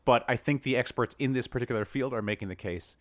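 A man hosting a podcast, quick and jokey, steering the chat from topic to topic. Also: medium pitch, no echo. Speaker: podcast host. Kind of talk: casual chat.

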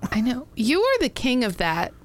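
A woman's voice: on the high side, wildly swooping pitch, normal speed. A woman co-hosting a casual podcast chat, teasing her partner with dry jokes. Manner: teasing, dryly joking. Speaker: podcast co-host.

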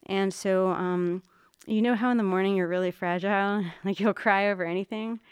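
A woman's voice: mid-range voice, moderate pace, clear, resonant tone, no echo. A middle-aged woman, a mother and art teacher, telling a long story in casual chat and acting out the voices she quotes. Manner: animated storyteller, acts out quotes.

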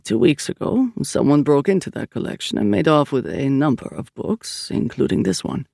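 Calm older priest, voiced by a woman reading, measured, gravelly edge, dry close sound. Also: medium pitch, no echo.

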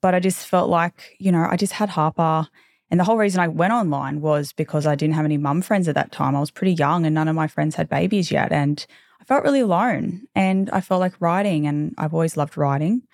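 A woman's voice: a little fast, darkish tone, dry recording, studio quality. A woman in her thirties hosting a podcast, talking in a candid, chatty way with casual swearing and tangents. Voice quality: low, not girly voice. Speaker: podcast host. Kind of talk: casual chat.

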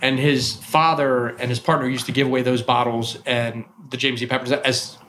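A man's voice: mid-range voice, flat delivery, moderate pace, fairly bright tone, slight background noise. A man who owns a bar and collects whiskey, chatting casually and telling rambling stories that trail off and restart. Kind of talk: casual chat.

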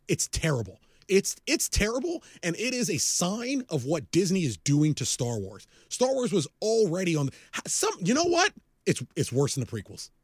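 A man in his forties rants with profane exasperation on a podcast, his voice sitting high and swinging widely in pitch. The sound is close and dry, with no room around it. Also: wildly swooping pitch, moderate pace, husky, no room sound. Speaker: podcast co-host. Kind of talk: casual ranting chat.

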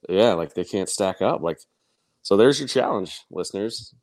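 A man co-hosting a podcast, joking in relaxed casual chat. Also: lowish voice, normal speed, no echo. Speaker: podcast co-host.

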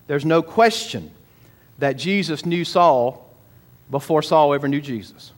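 Man, pastor, sermon, emphatic, slow stressed phrases, a bit high-pitched. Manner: emphatic, slows for stress and repeats words.

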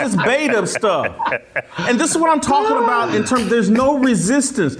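A man's voice: high voice, big pitch swings, fairly quick, a loud crowd. A man hosting a sports talk show, giving blunt, emphatic opinions and telling stories, with a mocking edge. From Indianapolis, USA.

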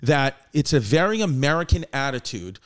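A man's voice: medium pitch, very animated, moderate pace, clean tone. Profane, laughing male podcast host. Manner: loose, profane, laughing storyteller. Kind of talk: casual podcast chat.

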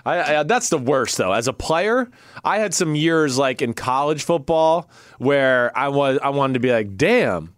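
A man's voice: medium pitch, animated, a little slow, no echo. A middle-aged man who co-hosts a sports podcast, telling laid-back stories from his playing days and acting out what people said. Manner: laid-back storyteller, acts out quotes from the huddle. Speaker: podcast co-host, former NFL quarterback. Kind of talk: casual sports chat.

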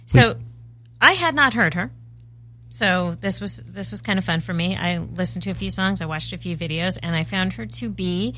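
A woman co-hosting a podcast, chatty and wry with quick asides. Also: on the low side, a bit bright, slight background noise. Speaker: podcast co-host. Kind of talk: casual chat.

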